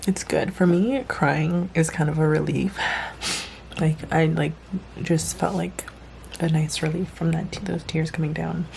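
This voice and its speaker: A young woman chatting casually in a self-care vlog at home, rambling with lots of fillers, teary and dropping into soft whispers. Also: lowish voice, normal speed, creaky, a little hiss or hum. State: teary, emotional. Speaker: vlogger. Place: home, indoors at night.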